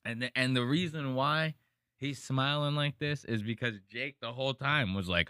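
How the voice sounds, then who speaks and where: A man's voice: moderate pace, smooth, no room sound, clean studio sound. A man hosting a casual podcast, talking over fight clips, swearing a lot and mimicking people. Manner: animated, profane, mimics people in high voices. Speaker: podcast host.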